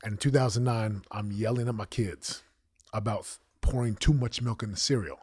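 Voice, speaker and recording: Speaking at normal speed with a lowish, breathy-edged voice, a man in his forties who once won at football shares his story frankly in an interview. He animates the tale and acts out quotes. Clean studio sound, no room ambience.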